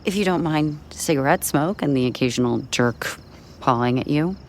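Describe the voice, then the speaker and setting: A kind, practical young cigarette girl , played by an actress in an audio drama. Her voice is low, calm and gentle. Faint hiss and crickets sit behind her. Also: normal speed.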